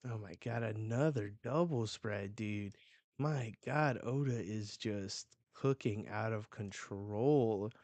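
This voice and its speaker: A man hosting a casual live reaction to a comic chapter. He sounds excitable and slangy, and often breaks off mid-phrase. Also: on the low side, takes it slowly, gravelly, no echo. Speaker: manga reaction host.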